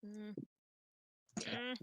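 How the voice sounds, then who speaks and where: A young woman at a tabletop game, talking in a hesitant, thinking-aloud way. Her voice has a gravelly edge and a bright, forceful tone, recorded dry and close. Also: medium pitch, level tone, dry recording. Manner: hesitant, thinking aloud with fillers and quick apologies. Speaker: player. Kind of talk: casual tabletop game chat.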